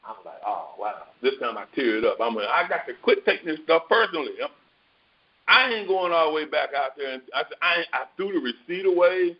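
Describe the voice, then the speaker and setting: A man with a fairly high voice preaches in a relaxed, storytelling way, slipping into casual speech and acting out the lines of his own anecdotes. The recording is dull and lo-fi. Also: fairly quick. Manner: animated, colloquial, acts out his own dialogue. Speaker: spiritual teacher.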